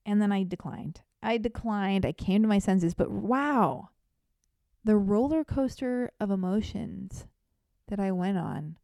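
A woman tells a comic personal story in a lively, theatrical way. She often pokes fun at herself. Her voice is mellow and warm, and it is recorded close and dry. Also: mid-range voice, no room sound. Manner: animated, self-deprecating, theatrical. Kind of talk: comedic storytelling monologue.

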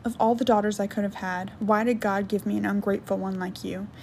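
A woman's voice: mid-range voice, steady tone, a little fast, vocal fry, a little mellow, a little hiss or hum, lightly acted. A woman voicing a bitter, accusing mother. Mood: furious. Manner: accusing, mocking, then pleading. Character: bitter, controlling mother in a rural hut.

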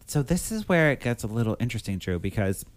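A man's voice: medium pitch, sing-song, fast. Man, podcast co-host, casual movie recap, rambling, filler-heavy.

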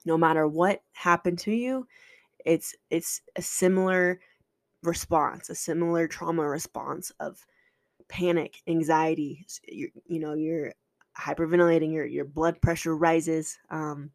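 A woman speaks candidly about her own experience, her voice gravelly with vocal fry. She talks in an earnest, halting way, restarting sentences and swearing now and then. The sound is dry and close, with no room around it. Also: low voice, steady tone, no echo. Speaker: podcast host sharing a personal story. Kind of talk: candid personal storytelling.

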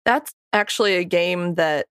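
A woman's voice: lowish voice, measured pace, a bit bright, smooth, no room sound, clean studio sound. A woman co-hosting a podcast in casual chat, reacting with emphatic, playful remarks. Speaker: podcast co-host.

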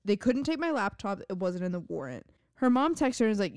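Smooth-voiced woman recapping with laughs. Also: mid-range voice, big pitch swings, a little mellow, no room sound, studio quality. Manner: laughs often, narrates scenes briskly. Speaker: podcast co-host. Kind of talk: casual recap chat.

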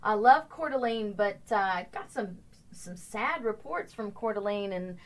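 A woman hosting a casual talk show, upbeat and quick to laugh as she reads out viewers' hometowns. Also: medium pitch, lively intonation. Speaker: show host. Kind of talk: casual morning show chat. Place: home studio set.

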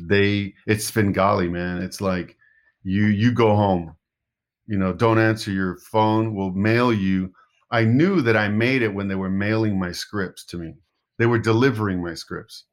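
A middle-aged man, an actor, telling rambling anecdotes in a casual interview, often restarting his sentences. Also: fairly low pitch. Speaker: actor guest.

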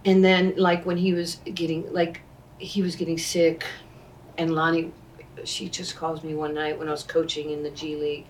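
Low-voiced woman telling stories from afar. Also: moderate pace, a little hiss or hum. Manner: animated, acts out quoted speech. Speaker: interview guest. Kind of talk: conversational storytelling. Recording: distant mic, faint ambience.

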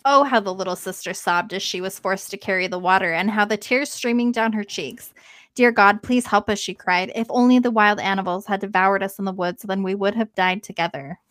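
A woman's voice: mid-range voice, a little fast, hardly any pauses, fairly bright tone, no room sound. Woman reading a tale, dry close sound. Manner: reads aloud and breaks off often to joke and comment. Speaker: podcast co-host reading a fairy tale aloud. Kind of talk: casual read-aloud with banter.

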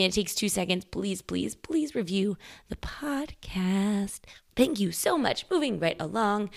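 A young woman hosts a podcast in a chatty, upbeat, candid way. Her voice has a slight morning roughness, and she swears casually as she talks. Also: fairly low pitch. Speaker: podcast host. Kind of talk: casual podcast monologue and interview.

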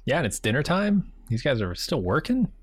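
A man co-hosting a casual TV recap podcast, summarizing the plot in a plain, steady way. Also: medium pitch, a little fast, slightly rough, no room sound. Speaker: podcast co-host.

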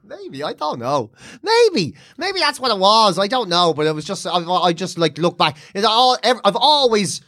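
A man's voice: high voice, sing-song, moderate pace, few pauses, pushed and bright. A man on a podcast telling stories in a blunt, sweary casual chat.

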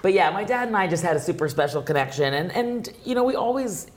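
A woman's voice: on the low side, lively intonation, quick pace. A woman wrestler as an interview guest, telling personal stories in a chatty, emotional way with lots of fillers. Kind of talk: casual interview storytelling.

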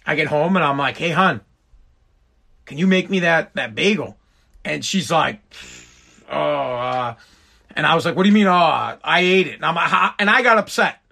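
Vocal fry and long pauses mark this fairly high, sharp-toned male voice, animated at a moderate pace. A middle-aged podcast host who's been drinking, he rambles profanely and breaks into exasperated rants.

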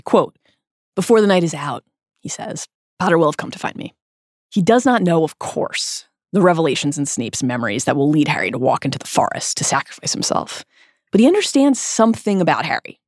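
A woman hosting a podcast, reading a scripted literary analysis in an expressive, emphatic way. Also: deep voice, no room sound, studio quality. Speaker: podcast host.

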